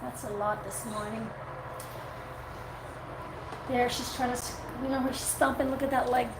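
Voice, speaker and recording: A dog groomer hosts a live stream indoors, chatting casually with viewers and cooing at the dog she works on in between. Her voice is a little high with fairly even intonation at normal speed, recorded on the device's own mic rather than hers, in an echoey room with background noise.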